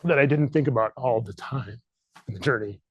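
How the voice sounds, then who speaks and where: A man's voice: mid-range voice, fairly quick, slightly rough, no echo, highs cut off. A middle-aged man leading a leadership workshop, speaking earnestly and candidly, fighting back tears. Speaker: leadership trainer. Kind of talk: emotional workshop talk. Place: training room.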